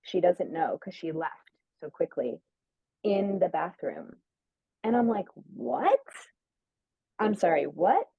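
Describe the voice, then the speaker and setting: A woman's voice: lowish voice, lively intonation, measured pace, vocal fry, husky, dry recording. A woman telling a personal story in casual chat, full of "like" and acting out quoted lines. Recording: narrow phone-like sound, dry.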